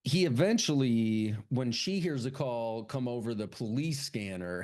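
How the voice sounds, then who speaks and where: A man co-hosting a podcast, talking through a horror film in loose, profane chat. His voice sits at a middling pitch. Now and then he acts out the characters in quick, high put-on voices. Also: animated, darkish tone. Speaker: podcast co-host. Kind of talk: casual chat recapping a film.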